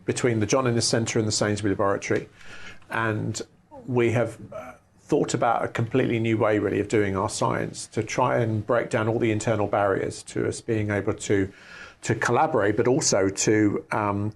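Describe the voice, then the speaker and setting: A man, a lab director, answering interview questions earnestly in long careful sentences. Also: on the low side. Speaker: lab executive director and scientist.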